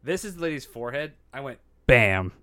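A man's voice: mid-range voice, very animated, a little fast, a bit bright, no room sound. A man casually telling a story on a podcast, acting out quotes and laughing often, a bit nasal from a hurt nose.

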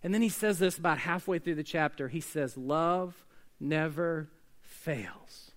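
Man, pastor sermon in a church, bright tone, emphatic then hushed. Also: fairly high pitch, fast. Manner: swings between loud emphatic bursts and quiet hushed lines. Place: church sanctuary.

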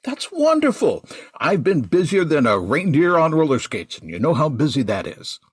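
A man voicing a jolly old Santa Claus, cheery and jokey, as a quick demonstration of a character voice. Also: on the high side, wildly swooping pitch, husky, no room sound, studio quality, voice pushed up, exaggerated voice.

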